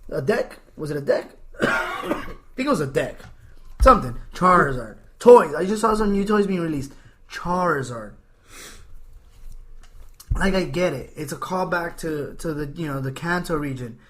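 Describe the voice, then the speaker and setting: A man's voice: fairly high pitch, normal speed, long pauses. A man hosting a casual podcast, ranting playfully and joking with his guest. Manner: animated, ranting, jokey. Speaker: podcast host.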